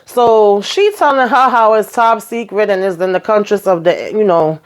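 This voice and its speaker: A woman hosting a casual TV recap, animated and chatty. She laughs as she goes and slips into quick voices for the quotes. Her pitch sits in an ordinary middle range. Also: clear, resonant tone. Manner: animated storytelling, laughs often, acts out quotes. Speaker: TV recap host.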